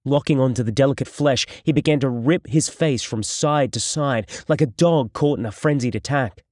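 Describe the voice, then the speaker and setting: A man narrating an audiobook in the first person, with steady, measured storytelling. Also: medium pitch, dry recording, studio quality.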